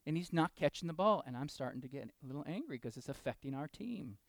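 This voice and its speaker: A man preaching a sermon, moving between loud, slow emphasis and soft, intimate asides, and putting questions straight to the congregation. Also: fairly high pitch, expressive, dry recording. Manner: talks directly to the congregation with questions. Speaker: pastor.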